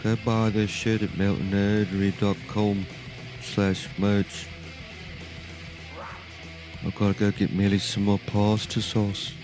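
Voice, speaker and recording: A man voicing a male butler who announces the podcast in a flat, deadpan way. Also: fairly low pitch, takes it slowly, pauses often, voice pushed down. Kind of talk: joking outro announcement. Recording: guitar music behind.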